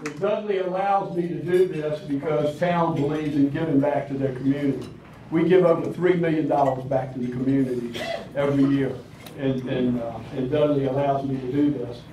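A man's voice: medium pitch, steady tone, normal speed, warm tone, slight background noise. Folksy older Southern man in an echoey hall. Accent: Southern American. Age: 60s. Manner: folksy and personal, with hesitant fillers. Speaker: county commissioner speaking at a public event. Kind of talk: folksy public speech. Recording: echoey hall, picked up from a distance. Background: clinking cutlery and dishes.

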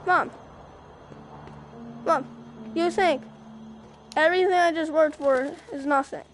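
Loud, high-voiced swearing young woman gamer. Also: slight background noise. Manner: loud, profane, swings into shouting frustration. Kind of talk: casual gameplay commentary.

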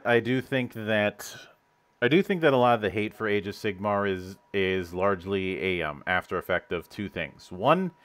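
A man's voice: fairly low pitch, a bit bright. A man hosting a casual podcast chat, rambling and often restarting his sentences with stammered repeats. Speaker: host.

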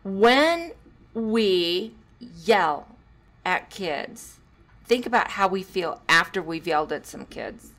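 Woman host telling a lively parenting story. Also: fairly low pitch, slow pace. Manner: animated, drops to hushed tones and laughs while telling stories. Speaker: podcast host; former teacher. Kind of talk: solo podcast talk.

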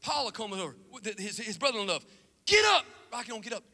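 A middle-aged man preaching a lively sermon, telling stories animatedly and acting out scenes. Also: sits high, very fast. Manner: animated storytelling, acts out movie scenes. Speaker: pastor. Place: church sanctuary. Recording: long reverb of a large church hall.

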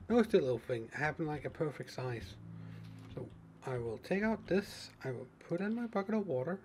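A man's voice: a little high, lively intonation, a little fast, darkish tone, slight background noise. A man casually narrating his own survival gameplay, thinking aloud with many fillers and restarts. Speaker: let's play gamer. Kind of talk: casual game commentary.

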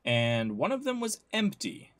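A man's voice: a little high, wildly swooping pitch, a little slow, a bit bright. A man hosting a let's play, commenting casually and with amusement as he reads dialogue aloud.

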